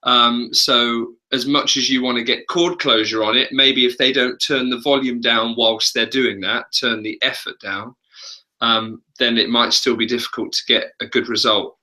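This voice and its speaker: Male vocal coach, very bright forward tone, chatty and loose, casual webinar talk. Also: mid-range voice, little pitch movement, normal speed. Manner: chatty, laughs often.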